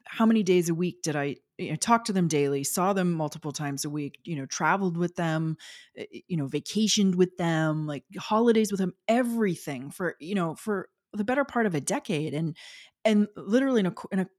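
A woman's voice: fairly low pitch, lively intonation, fairly quick, a little mellow. A woman in her forties telling personal stories as an interview guest, chatty with many fillers and frequent laughter. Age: 40s. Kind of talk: casual storytelling interview.

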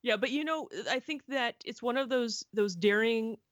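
A woman's voice: on the high side, normal speed, no room sound. Earnest, opinionated woman guest, dry close sound. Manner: earnest, opinionated, speaks up for queer visibility. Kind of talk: casual chat.

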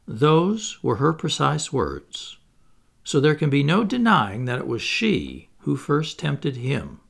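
Gravelly, husky male storyteller. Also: fairly high pitch, slow pace. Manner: expressive, animated. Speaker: audiobook narrator. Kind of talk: storybook reading.

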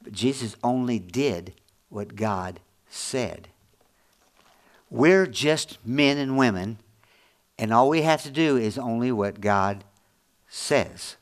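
A middle-aged man preaching a sermon as pastor, folksy and earnest, repeating his points and dropping low and quiet to press them home. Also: lively intonation, slow, long pauses.

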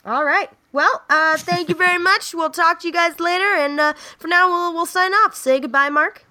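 A woman's voice: extremely high pitch, normal speed, pushed and bright. A young woman hosting a casual comedy podcast, telling jokes with lots of laughs and fillers. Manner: laughs often, many fillers. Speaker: podcast host. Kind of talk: casual joke-telling chat.

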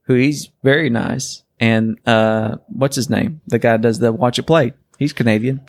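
A man's voice: medium pitch, unhurried, gravelly. A man hosting a podcast, joking through casual banter. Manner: animated, jokey banter. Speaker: podcast host. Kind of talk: casual chat.

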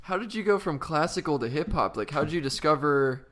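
A man's voice: a little high, expressive, fairly quick, fairly bright tone. A man hosting a podcast in casual chat, easygoing and asking follow-up questions. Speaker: podcast host.

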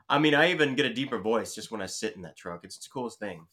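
A man's voice: medium pitch, a little fast, crowd noise. A man chatting casually on a podcast, rambling and hesitant, with many fillers and restarts. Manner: excitable, laughs often when telling the story.

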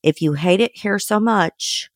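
A woman co-hosting a casual political chat, talking haltingly with many fillers. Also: mid-range voice, no echo, clean studio sound. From United States. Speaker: podcast co-host.

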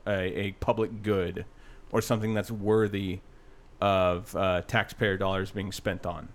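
Lower-voiced man, blunt opinions. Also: flat delivery, measured pace. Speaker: podcast co-host. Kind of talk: casual chat.

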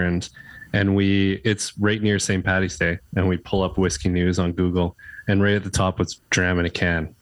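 A male podcast host with a very deep voice tells a story with animated energy. He swears casually as he goes. The recording is close and dry, with no room sound. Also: moderate pace, no echo.

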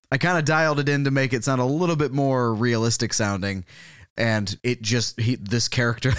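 Smooth-voiced man rambling on a podcast. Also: medium pitch, a bit bright, dry recording, studio quality. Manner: rambling and chuckling, thinks aloud. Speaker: podcast co-host. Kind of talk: casual podcast introduction.

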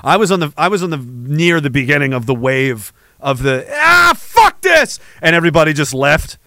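A man's voice: medium pitch, fairly quick, a bit bright, no room sound. A man hosting a livestream, reading chat messages aloud in a rambling, profane, sarcastic way.

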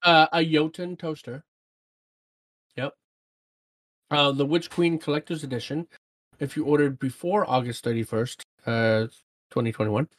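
A co-host on a casual gaming stream, reading out chat messages and news in an excitable way. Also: medium pitch, a little slow, pauses often. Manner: animated, excitable, reads items aloud.

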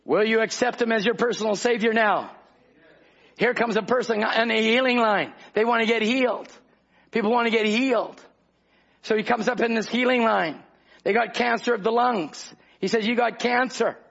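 Gravelly high-voiced fervent revival preacher man. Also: fairly even intonation, moderate pace, fairly bright tone. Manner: fervent, rhythmic, calls out to the congregation. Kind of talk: revival sermon. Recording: dull lo-fi old recording.

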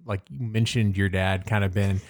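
A man co-hosting a podcast, chatting casually and joking, with halting restarts. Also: sits low, flat delivery, no room sound, clean studio sound. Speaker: podcast co-host. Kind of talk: casual chat.

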